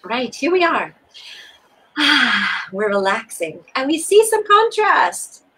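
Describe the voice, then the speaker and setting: A woman co-hosting a spiritual talk, explaining steps in an expressive, soothing and repetitive way. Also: high-pitched, takes it slowly, heavy background noise. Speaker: co-host. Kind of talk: spiritual teaching conversation.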